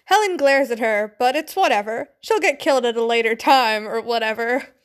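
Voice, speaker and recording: High-voiced young woman reading aloud. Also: normal speed. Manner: giggly, swears, chatty tangents. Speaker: fanfiction reader. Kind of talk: casual reading aloud with asides.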